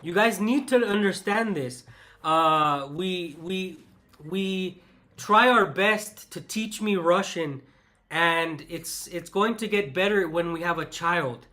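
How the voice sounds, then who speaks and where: Young Mexican man, Mexican Spanish accent, high bright voice, emphatic mock-exasperated vlog host. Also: slow pace. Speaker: vlogger. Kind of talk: casual chat.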